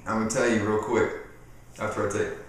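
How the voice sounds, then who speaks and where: A man giving casual parenting advice straight to camera, animated, acting out what people say and repeating himself as he goes. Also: on the low side, a little fast, a little hiss or hum. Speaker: parenting video host. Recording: very echoey room, mic off at a distance.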